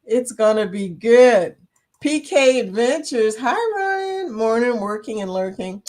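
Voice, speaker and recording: A woman's voice: fairly high pitch, measured pace, darkish tone. A woman with a Southern US accent hosting a casual livestream, chatty, laughing often and greeting viewers by name. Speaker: livestream host.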